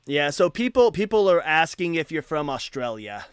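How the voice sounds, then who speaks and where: A man's voice: a little high, big pitch swings, normal speed, clear, resonant tone, no echo, studio quality. A man hosting a live debate stream, talking casually and animatedly, often repeating and restarting words. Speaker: livestream debate host.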